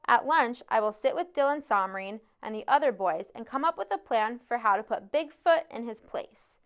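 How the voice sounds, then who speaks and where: A woman reading a novel aloud in a measured first-person narration. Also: a little high, animated. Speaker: audiobook narrator. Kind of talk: scripted narration.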